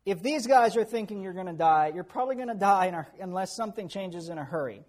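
A man preaching a sermon who tells animated stories with chuckles and asides. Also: high-pitched, quick pace. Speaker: pastor.

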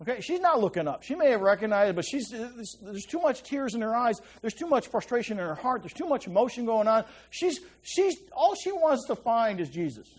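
A man preaching a conversational Bible teaching, often checking in with his listeners and dropping to a hushed voice to stress a point. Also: very high voice, sing-song, fairly quick, few pauses.

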